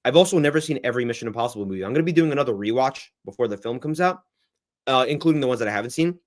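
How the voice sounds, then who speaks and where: A young man hosting a casual livestream Q&A, rambling and reacting to the chat in a lively, chatty way. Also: medium pitch, very fast. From United States. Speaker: livestream host.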